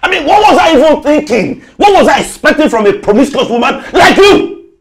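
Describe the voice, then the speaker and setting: An actor playing a bitter husband who turns scornful and accusing. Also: male voice, high-pitched, big pitch swings, a little slow, a little hiss or hum, full character voice. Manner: scornful, then panicked. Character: bitter accusing husband, middle-aged man.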